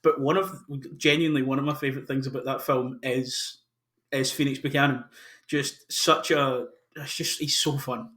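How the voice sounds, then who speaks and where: A man's voice: mid-range voice, fairly even intonation, moderate pace, a bit bright. A man hosting a casual podcast chat, talking enthusiastically about casting with frequent restarts. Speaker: podcast host.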